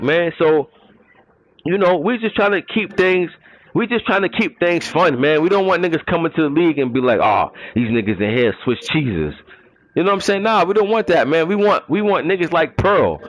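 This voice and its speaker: A man's voice: high-pitched, muffled recording. A man, running a gaming league, delivering an emphatic ranting monologue full of street slang and mocking rhetorical questions.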